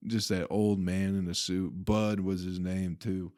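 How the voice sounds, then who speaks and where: This podcast host is a young man from Flint, Michigan with a deep voice and a slightly slow delivery. Laughing and swearing, he gives an animated, casual retelling of something that happened at a party.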